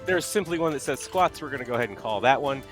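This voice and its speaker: A man's voice: mid-range voice, animated, quick pace, music in the background. A man hosting a casual live stream, reading viewer chat and redemptions aloud in an upbeat way. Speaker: stream host.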